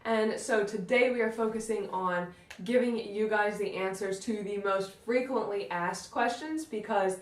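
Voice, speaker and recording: A woman's voice: medium pitch, unhurried, hardly any pauses, distant mic. Bubbly young woman in a roomy room. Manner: bubbly, many "like" fillers. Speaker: vlog co-host. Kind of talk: casual chat. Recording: roomy sound from off-mic.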